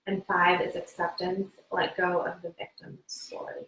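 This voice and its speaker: A woman co-host on a live webinar speaks calmly and clearly, her tone bright and slightly low-pitched. She sounds distant from the mic, with a roomy echo and faint background noise. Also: normal speed.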